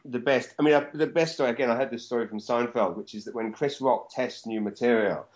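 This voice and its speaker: A man, a stand-up comedian, chatting casually and telling stories with animated energy and the odd swear word. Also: medium pitch, quick pace. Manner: animated storyteller, swears freely. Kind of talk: casual chat. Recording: dull lo-fi sound.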